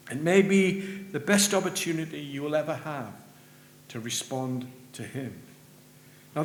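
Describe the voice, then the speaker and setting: A man preaching a sermon in a church, earnest, rising for emphasis and dropping low at the ends of phrases. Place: church sanctuary. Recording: roomy church with faint hum.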